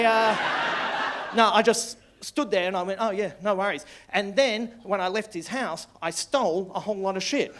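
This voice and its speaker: High-voiced stand-up comedian. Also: male voice, background noise. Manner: animated storytelling, swearing, bursts into shouting laughter. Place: live comedy club stage.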